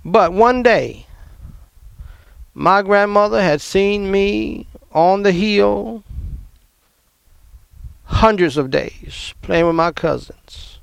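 Man, middle-aged, high gravelly voice, emotional storyteller. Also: extremely slow, long pauses, dry recording. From American South. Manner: emotional, animated, laughs often. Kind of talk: personal storytelling.

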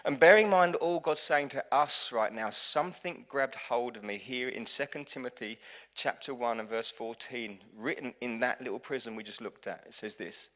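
A man's voice: medium pitch, moderate pace, a bit bright. A man preaching a conversational sermon at a church service, telling a story in an earnest, heartfelt way with frequent restarts. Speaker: pastor.

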